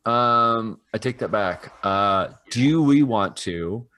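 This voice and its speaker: Low-voiced methodical man planning a game. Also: expressive, slow, bright, forceful tone. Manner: methodical, lays out options step by step. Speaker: tabletop game player. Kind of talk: casual game planning chat.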